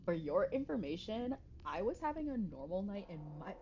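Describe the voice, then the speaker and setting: A woman's voice: medium pitch, sing-song, normal speed, pitched above the performer's own voice. Woman reading as a touchy, snippy young man. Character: prickly defensive young man, touchy and sarcastic. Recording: dull lo-fi stream mic with noise.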